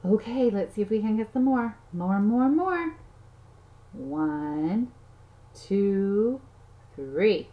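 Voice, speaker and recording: This children's teacher has a medium-pitched voice and a slow pace. She counts aloud and makes animal sounds in a sing-song manner during a playful lesson for toddlers, captured on slightly dull audio with faint noise.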